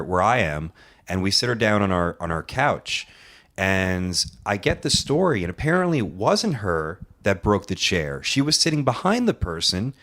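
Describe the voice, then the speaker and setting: A man's voice: fairly low pitch, fairly bright tone. A man who runs a wrestling show, telling a rambling story in casual chat and acting out other people's lines.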